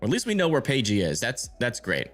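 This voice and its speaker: A man's voice: mid-range voice, wildly swooping pitch, fast, fairly bright tone, faint music behind. A man giving live storm-tracking commentary on a stream, thinking aloud and answering viewer chat as he checks radar. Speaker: livestream weather tracker.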